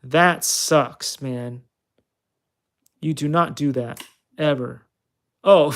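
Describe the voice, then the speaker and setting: A man talks himself through a flight simulator in a loose, joking way, coaching and teasing himself as he plays. His voice sits a little higher than most men's and carries a gravelly edge. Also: drawn-out words, pauses often. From California. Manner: chatty, self-mocking, talks to himself while playing. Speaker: channel host. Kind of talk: casual gameplay commentary.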